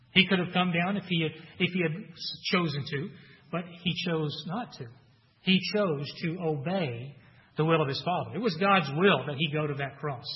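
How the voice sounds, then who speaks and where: A man preaching a sermon earnestly, rising loud for emphasis and dropping soft for weight. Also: a little high. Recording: dull sound with long hall reverb.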